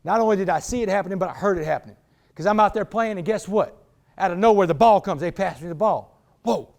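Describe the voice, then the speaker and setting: A man giving a motivational talk to a sports team, telling a story in an animated, street-talking way and calling listeners "man" and "y'all.". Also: sits high, fast talker, vocal fry. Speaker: motivational speaker. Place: indoors, speaking to a football team.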